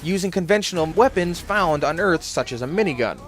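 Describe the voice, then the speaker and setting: A man reads his film review from a script, his voice a little higher than most. He stays wry and sarcastic throughout, with an ironic lift on his jabs. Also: animated, brisk, fairly bright tone, faint music behind.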